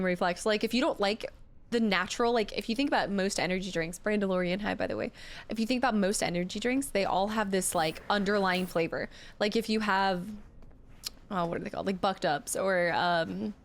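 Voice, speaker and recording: A woman's voice: mid-range voice, slight background noise. A woman streaming a video game, chatting casually with her viewers and answering their comments as she plays. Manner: chatty, reads and answers chat, animated. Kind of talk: casual live-stream chat while gaming.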